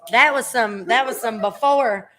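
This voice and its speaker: Podcast host, woman, thirties, slightly high and bright, teasing, drawling chat. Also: unhurried. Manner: chatty and teasing, drawling with frequent fillers. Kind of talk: casual chat.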